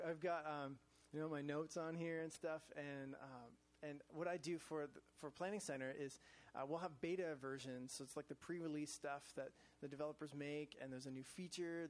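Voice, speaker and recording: A man telling a casual, rambling story to a church group, full of fillers and restarts. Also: fairly high pitch. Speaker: church staff speaker sharing a devotional. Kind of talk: informal testimony talk to a group. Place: in front of a group, gadgets in hand.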